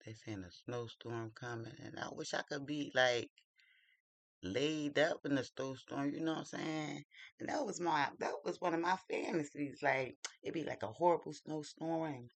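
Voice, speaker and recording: A man's voice: a little high, moderate pace, creaky, fairly bright tone, dry recording. A man vlogging at home while doing his makeup, telling a dating story in a gossipy, confiding way. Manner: gossipy and confiding, drawls "child" often. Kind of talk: casual storytelling chat.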